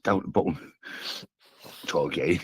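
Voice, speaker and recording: A groggy man with a husky voice on a phone call, confused, rambling, repeating himself and swearing. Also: a bass voice, moderate pace.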